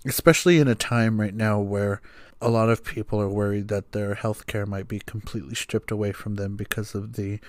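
A man's voice: fairly low pitch, fairly even intonation, a little fast, dry recording. A young man hosting a podcast, telling a family story in a rambling, casual way, with fillers, swearing and chuckles. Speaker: podcast host.

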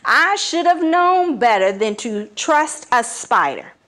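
A woman's voice: fairly high pitch, sing-song, takes it slowly, fairly bright tone, voice pushed up, full character voice. A woman voicing a sleek, vain male leopard with a lazy, scornful drawl. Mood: bitter.

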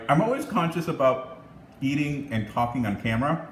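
A man's voice: mid-range voice, expressive, normal speed, a little hiss or hum. Chatty man in an echoey kitchen. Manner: chatty, upbeat, frequent um and laughs. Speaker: cooking channel host. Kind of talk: casual cooking vlog.

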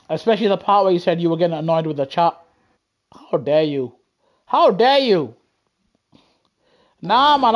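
A man streaming a racing game live, chatting to viewers casually in slang and repeating himself. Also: high-pitched. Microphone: gaming headset.

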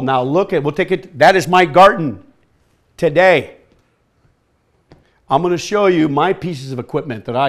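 A man presenting a farming workshop to a live audience, energetic and quizzing the listeners as he talks. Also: fairly high pitch. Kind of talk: lively workshop talk.

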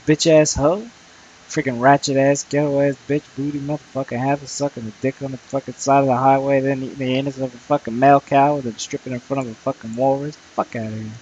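A man's voice: mid-range voice, a little mellow, slight background noise, low-quality recording. A young man giving crude, rambling let's play commentary, swearing constantly and muttering at the enemies he fights. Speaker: gamer playing solo.

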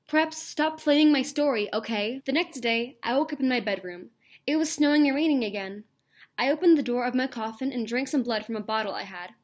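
Woman reading a fanfic in mock earnest. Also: fairly high pitch. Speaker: channel host. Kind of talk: comedic dramatic reading of a fanfic.

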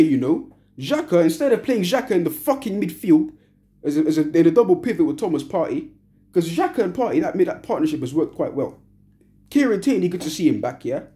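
Young woman, furious fan rant, heavy swearing, repetitive, very animated pitch. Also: normal speed, long pauses. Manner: furious, profane, repeats short phrases. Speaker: football fan giving a match reaction. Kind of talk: angry post-match rant.

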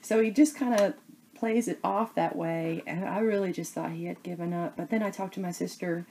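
A woman chatting casually to camera as a crafting vlogger, rambling and halting with many fillers. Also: fairly low pitch, steady tone, dark tone, a little hiss or hum.

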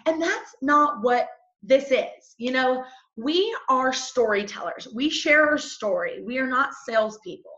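A woman's voice: high voice, lively intonation, a little slow, a bit bright. A young woman coaching her team on a group call, peppy and chatty, full of "like" and "y'all.". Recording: echoey room, dull lo-fi sound.

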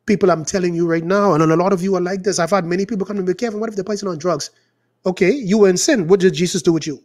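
Fervent high-voiced male preacher. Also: racing, darkish tone. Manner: fervent, rising and falling, stretches words for emphasis. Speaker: pastor. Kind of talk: preaching prayer and sermon.

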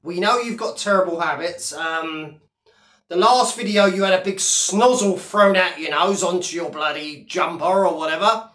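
A man's voice: sits high, moderate pace, a bit bright. A man delivering a taunting video rant, speaking straight to a rival and repeating his jabs. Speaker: vlogger. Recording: roomy echo.

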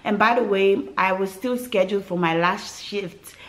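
A woman from West Africa recounts her birth story straight to camera in a relaxed vlog style. She tells it dramatically, with asides to her viewers along the way. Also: medium pitch, moderate pace, rough recording. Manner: animated, dramatic retelling with acted quotes and asides to viewers.

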